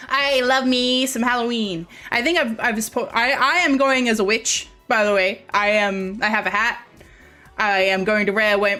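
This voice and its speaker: A woman with a light Australian accent chats casually to her stream viewers. She rambles, often restarting and correcting herself mid-sentence, at a mid pitch. Faint music plays behind her. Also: sharp tone.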